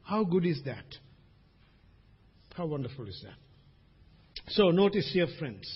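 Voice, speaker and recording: A man preaching a sermon as pastor, swinging between loud emphasis and hushed asides. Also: fairly high pitch, very animated, a little slow, slightly rough. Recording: dull recording with long hall reverb.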